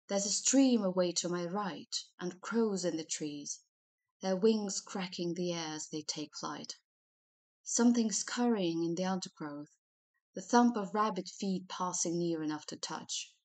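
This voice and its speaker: A woman reading a novel aloud in the first person, in a measured, expressive storytelling manner. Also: on the low side. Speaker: audiobook narrator.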